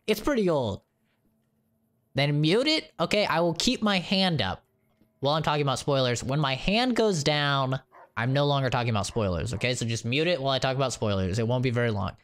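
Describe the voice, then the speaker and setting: A male game streamer talking loosely to his chat. His pitch swings widely as he rants, swears freely and laughs at his own stories. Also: fairly quick. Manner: animated, profane, laughing rants. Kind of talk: casual live-stream chat.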